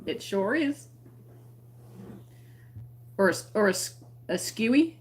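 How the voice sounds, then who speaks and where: A woman's voice: medium pitch, lively intonation, takes it slowly. An Australian woman hosting a crochet live stream, chatting casually and reading out viewer comments, friendly and laughing often. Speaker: crochet channel host.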